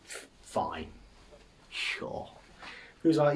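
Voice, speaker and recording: A man's voice: fairly low pitch, very animated, takes it slowly, long pauses, distant mic, slight background noise. An English man hosting a podcast, rambling through a casual comic monologue, swearing and mocking himself as he goes. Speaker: podcast host.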